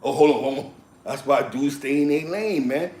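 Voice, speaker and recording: A man's voice: mid-range voice, moderate pace. A man telling street and prison stories in casual chat, acting out other people's lines with lots of laughter. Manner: animated, laughing, acts out quotes. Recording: echoey room.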